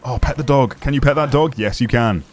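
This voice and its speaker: A man's voice: medium pitch, brisk, a little hiss or hum. A man live-streaming a video game, joking and talking back to the characters. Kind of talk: casual live-stream commentary.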